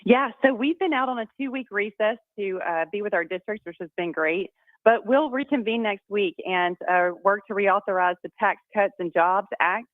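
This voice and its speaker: Phoning in to a radio interview, a congresswoman speaks at a normal pace in a mid-range voice, sounding upbeat and enthusiastic as she tells her stories. The tinny phone line carries no echo.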